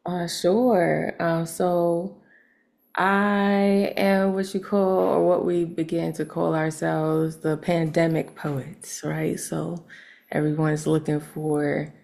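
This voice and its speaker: A woman poet answering interview questions in a relaxed, reflective way, with frequent fillers. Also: on the low side, slow pace, gravelly. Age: adult. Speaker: poet and open mic host.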